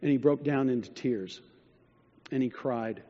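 A man preaching a sermon, telling a story and dropping low and quiet when he quotes others. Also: a little slow. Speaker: pastor. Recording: dull sound in a reverberant hall.

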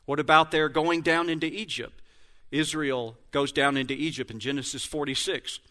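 A man leads a Bible lesson, moving between reading scripture aloud and laying out plain comparisons. His voice sits a little high and sounds bright and forceful, with small slips he openly corrects. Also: fairly even intonation, moderate pace. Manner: reads verses aloud, then compares them in plain explanation; corrects himself mid-reading. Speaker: Bible teacher.

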